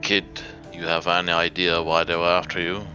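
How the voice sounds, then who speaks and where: A man voicing a blunt, rough-spoken male samurai commander from a visual novel. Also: sits low, flat delivery, normal speed, bright, forceful tone, faint music behind.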